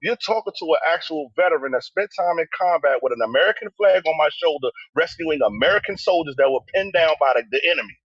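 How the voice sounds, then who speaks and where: A man's voice: fairly high pitch, animated, quick pace, hardly any pauses, breathy edge, no room sound. A man speaking as a military veteran in a heated livestream debate, insistent and repeating himself as he talks over others. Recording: dull lo-fi dry sound.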